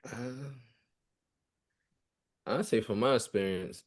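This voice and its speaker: A father answering a podcast interviewer in a casual, halting way, often repeating words as he reflects on his son. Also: medium pitch.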